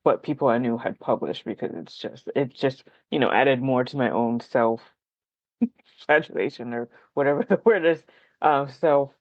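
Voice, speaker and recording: A candid writer rambles through a casual podcast chat, dotting every thought with likes and ums and gently putting themselves down. The sound is dull and lo-fi, with a dry room that gives back no echo. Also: mid-range voice, animated, moderate pace. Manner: self-deprecating. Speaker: podcast guest, fellow writer.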